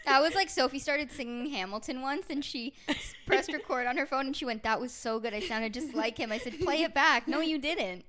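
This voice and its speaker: A woman's voice: sits high, fairly quick, hardly any pauses, fairly bright tone. A young woman co-hosting a casual chat podcast, wry and teasing, giving firm opinions. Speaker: podcast co-host.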